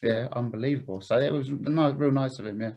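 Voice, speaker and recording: A man's voice: medium pitch, a little fast, muffled recording. A man, a podcast guest, telling anecdotes in a laddish, chatty way full of fillers. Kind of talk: casual storytelling.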